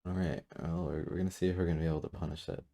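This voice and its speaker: Seated a little back from his desk mic, a man thinks out loud while commentating his own game at the computer. His voice is low, creaky and steady in tone, and his speech halts with fillers, self-corrections and trailing thoughts.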